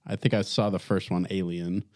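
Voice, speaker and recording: A man's voice: low-pitched, level tone, a little fast, darkish tone, dry recording, studio quality. A man co-hosting a casual podcast, hesitant and stumbling through his opinions. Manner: hesitant with restarts. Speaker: podcast co-host. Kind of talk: casual chat.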